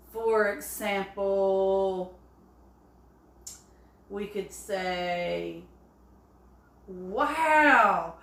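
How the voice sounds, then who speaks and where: A woman teaching an early-grade phonics lesson, speaking slowly and encouragingly. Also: medium pitch. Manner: slow, encouraging, with drawn-out examples. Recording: echoey room.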